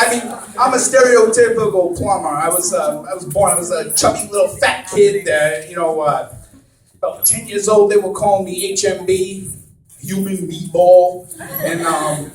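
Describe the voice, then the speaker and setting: A man doing a stand-up comedy set, rambling and self-deprecating, with lots of fillers and restarts. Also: sits high. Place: comedy club stage. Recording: roomy club sound from a distance, crowd laughter.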